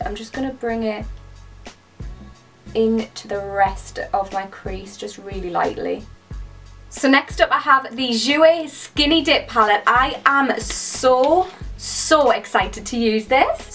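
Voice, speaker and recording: A young British woman chatting excitedly through a makeup tutorial in a gushing, chatty way. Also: on the high side. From United Kingdom. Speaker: beauty vlogger.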